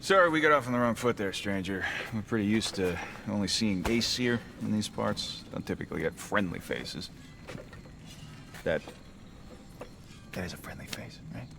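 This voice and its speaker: A man's voice: lowish voice, expressive, normal speed, creaky, noisy background. An actor playing a proud, wary male god leading rebels, with a mocking, sardonic manner. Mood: wry.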